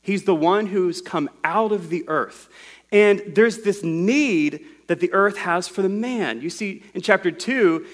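A man's voice: high voice, a little slow. A man preaching a sermon to a congregation in a room, explaining scripture word by word in a patient teaching tone.

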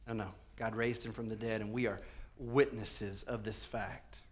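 A male pastor preaching a sermon, swinging from quiet pleading to fervent shouting. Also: lowish voice, steady tone, moderate pace.

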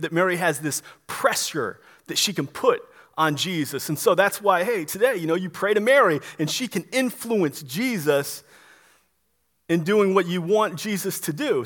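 A pastor with a notably high voice preaches in earnest. He leans into his points and often trips into quick restarts, doubling words as he pushes ahead. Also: lively intonation, fairly bright tone. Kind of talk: sermon.

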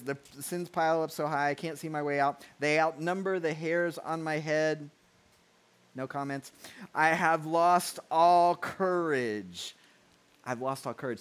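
A man preaching a sermon, talking conversationally and reading scripture slowly and softly. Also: on the high side. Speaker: pastor.

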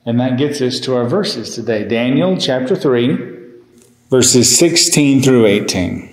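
A man preaching a sermon as minister, retelling a scripture story with animated emphasis. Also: mid-range voice, unhurried, echoey room, poor audio. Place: church sanctuary.

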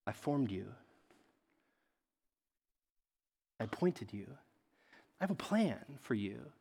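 God as a hushed, tender father , put on by a preacher, lower and quieter than his preaching, echoey hall. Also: brisk. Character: God, calm fatherly divine voice, reassuring.

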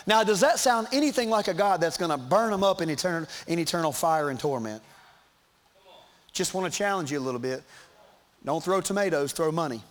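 High-voiced preacher. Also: male voice, animated, fairly quick. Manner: emphatic, repetitive preaching with asides to the congregation. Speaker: pastor. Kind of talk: sermon. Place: church.

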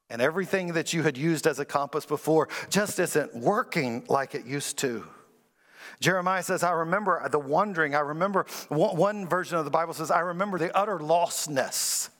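A male pastor delivers a sermon to his congregation, his voice sitting a bit high for a man. He leans into emphatic, rising lines and asks the room to answer him back. The sound rings out with a long reverberant tail, as in a large church sanctuary. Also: a bit bright. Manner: preaching with call-and-response, rising emphatic pitch.

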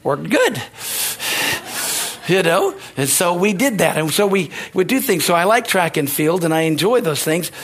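A man's voice: sits high, very animated, moderate pace, a bit bright, slightly rough. A man preaching a rousing sermon, calling out amens and hallelujahs between points. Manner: rousing, call-and-response preaching. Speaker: pastor.

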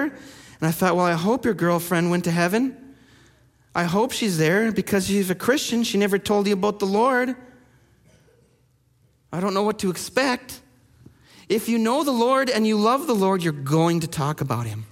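A man who pastors a church, preaching a sermon and telling stories with lively acted-out quotes. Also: sits high, fairly quick, long reverb tail. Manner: animated storyteller acting out quoted people. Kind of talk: sermon storytelling.

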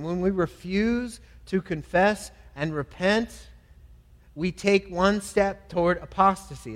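Man preaching in a reverberant hall. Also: sits high. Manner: earnest preaching, swells loud on pleas. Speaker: pastor. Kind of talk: sermon.

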